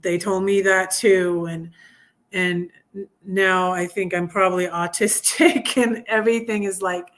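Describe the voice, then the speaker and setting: Chatting and reading poetry on her casual livestream, a middle-aged woman rambles along with fillers and restarts. She speaks a little slowly, her medium-pitched voice holding a steady tone.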